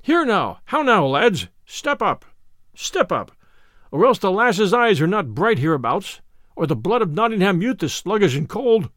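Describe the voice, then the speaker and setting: A man voicing a boastful, brawny male champion fighter who bellows loud, swaggering taunts, recorded dry. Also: high-pitched, big pitch swings, normal speed, no echo.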